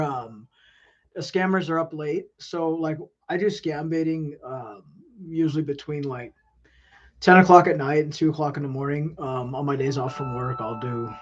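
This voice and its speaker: A man's voice: a little high, fairly bright tone, lo-fi sound. A man hosting a live stream, chatting casually in an amused, laid-back way. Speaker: live stream host, scam baiter.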